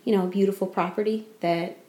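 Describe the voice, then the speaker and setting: A woman hosts a podcast and questions her guest in an attentive, conversational way. Her voice has a medium pitch. The room sounds echoey. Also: steady tone, fast talker, dark tone. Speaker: podcast host. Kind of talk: interviewing a guest.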